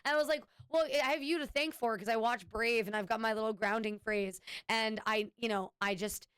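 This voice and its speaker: A woman's voice: a little high, fast, few pauses, fairly bright tone, clean tone, no room sound, clean studio sound. A woman streamer chatting casually with her viewers, rambling and restarting her sentences. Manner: rambling, with frequent restarts and "anyway"; chatty, thanking subscribers.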